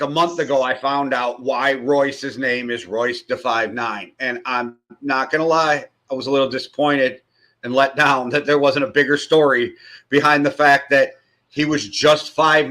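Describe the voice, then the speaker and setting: A man's voice: medium pitch, fairly even intonation, unhurried, sharp tone. A man co-hosting a music podcast, telling playful stories in casual chat. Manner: storytelling, playful. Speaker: podcast co-host.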